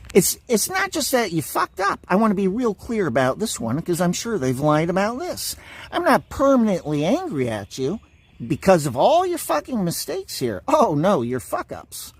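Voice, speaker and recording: A man delivering an angry, profane monologue straight to his viewers, full of insults and repeated points. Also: sits high. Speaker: vlogger.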